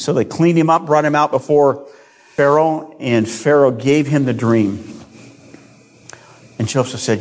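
A man's voice: medium pitch, animated, a little slow. A man preaching a sermon, retelling a biblical story and acting out the voices of its people. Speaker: pastor.

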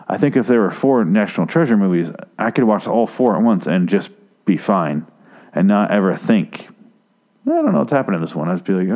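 A man giving a rambling, profane movie review, exasperated and swearing, his voice jumping high when he gets worked up. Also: warm tone. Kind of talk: casual profane movie rant.

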